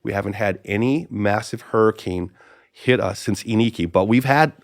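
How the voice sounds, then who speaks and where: A middle-aged man from Hawaii, a pastor and podcast guest, telling stories in conversation, with quick restarts and repeated phrases. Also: lowish voice, dry recording, studio quality. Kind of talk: conversational storytelling interview.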